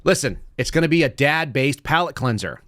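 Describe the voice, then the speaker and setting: A podcast host at his home studio set runs a live commentary show in a loose, chatty style, laughing often and restarting sentences. His voice is on the high side, expressive, a little fast and a bit bright, with clean studio sound and no room noise.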